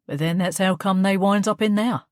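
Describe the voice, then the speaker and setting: Cockney crime boss, a woman doing the voice, young, matey, breezy, loud, dry sound. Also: high voice, steady tone, moderate pace, no echo, close to an everyday voice. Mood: falsely friendly. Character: young charming London crime boss, falsely friendly.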